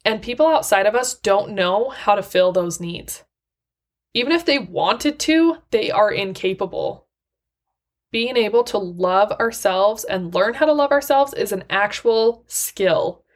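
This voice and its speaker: On her solo motivational podcast, a woman speaks warmly and directly to listeners in an earnest, encouraging way. Her medium-pitched voice has lively intonation and an unhurried pace.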